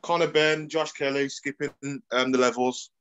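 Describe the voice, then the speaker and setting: A man's voice: medium pitch, steady tone, moderate pace, fairly bright tone, clear, resonant tone, dull audio. A man asking casual interview questions, hesitant and full of "um"s. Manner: hesitant, with many fillers.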